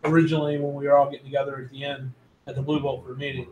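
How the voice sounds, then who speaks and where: A man's voice: medium pitch, little pitch movement, rapid-fire, a little mellow, muffled recording. A man playing a tabletop game, talkative and teasing the others. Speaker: player. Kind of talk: casual tabletop game chat. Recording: roomy, distant mic with faint noise.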